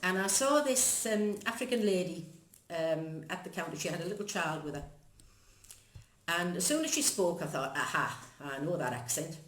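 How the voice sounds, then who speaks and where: A woman's voice: fairly low pitch, very animated, moderate pace. A woman in her sixties from Zambia, speaking in an earnest, chatty way and laughing often. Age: 60s. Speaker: guest. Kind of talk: casual chat. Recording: echoey room.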